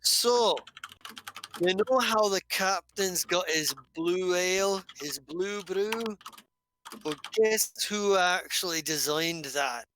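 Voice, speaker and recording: A game master voicing a friendly, rough-mannered male dwarf mechanic in a tabletop game, folksy and hearty, calling people lass. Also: medium pitch, slow pace, fairly bright tone, slight background noise, low-quality recording. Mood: boastful. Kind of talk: tabletop game role-play.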